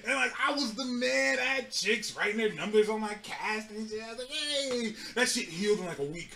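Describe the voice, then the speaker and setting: This podcast co-host has a voice that sits high with vocal fry, and he speaks a little fast. An animated storyteller in a casual chat, he laughs a lot and swears freely, over slight background noise.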